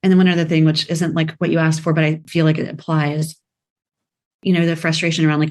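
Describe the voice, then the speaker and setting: A fast-talking woman in her thirties speaks as a podcast guest with a lowish voice. She talks with lively energy and acts out her own quoted thoughts in a higher voice. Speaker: guest, app founder. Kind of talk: conversational interview.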